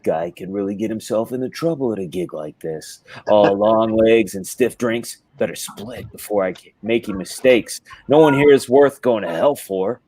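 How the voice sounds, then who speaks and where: A man doing a gravelly hard-boiled noir narrator. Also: lowish voice, animated, normal speed, few pauses, dark tone, no echo, voice pushed down. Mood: world-weary noir. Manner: terse, pulpy hard-boiled delivery. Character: gritty noir-talking older male comic author.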